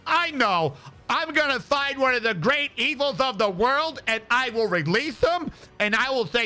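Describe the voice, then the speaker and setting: A man streaming a video game, reacting with sarcastic, excitable commentary and frequent swearing. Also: very high-pitched, normal speed, soft background music. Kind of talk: let's-play commentary.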